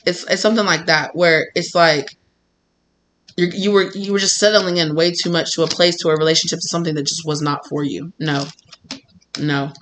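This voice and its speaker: A tarot reader giving a casual spiritual reading, animated and laughing often. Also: medium pitch. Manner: animated, laughing, acts out quotes.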